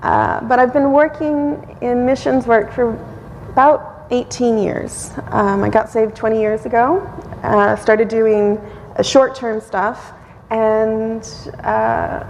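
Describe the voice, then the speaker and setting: A woman missionary in her forties addressing a church and praying, tearful and emotional, often pausing with fillers. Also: a little high, darkish tone, in a large hall, slight background noise, rough recording. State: crying. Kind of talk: church talk and prayer. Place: church sanctuary.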